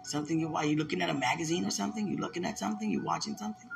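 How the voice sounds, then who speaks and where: Woman, gravelly voice, heartfelt religious message, emotional, repetitive, faint music behind. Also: lowish voice, racing. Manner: emotional, repetitive, laughs often.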